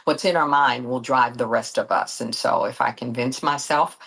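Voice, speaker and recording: A woman's voice: a bass voice, normal speed, creaky, fairly bright tone, breathy edge, poor audio. A middle-aged woman, a guest telling her story in an earnest, faith-filled way. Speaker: guest, disability advocate and author. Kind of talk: candid interview talk.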